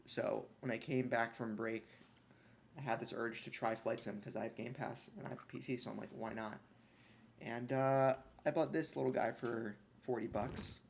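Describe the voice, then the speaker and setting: A man's voice: mid-range voice, steady tone, normal speed, creaky, slight background noise. A man co-hosting a gaming podcast, chatting casually with dry, wry remarks. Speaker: podcast co-host. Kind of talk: casual chat.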